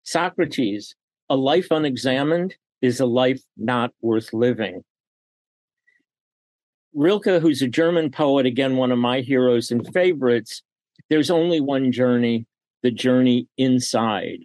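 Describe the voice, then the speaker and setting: A man's voice: mid-range voice, takes it slowly, dry recording. A middle-aged man talking as a guest on a podcast interview, telling stories and acting out quoted dialogue. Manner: animated storyteller who acts out quoted dialogue. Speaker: guest, business leader and coach.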